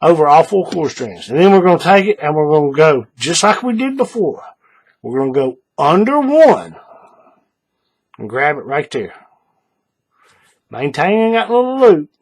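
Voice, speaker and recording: A man with a higher, animated voice and a husky edge walks a viewer through a craft tutorial. He is patient and repeats each step, often pausing to check the viewer is following. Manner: patient, repeats steps, checks in with "all right?". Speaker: paracord bracelet instructor.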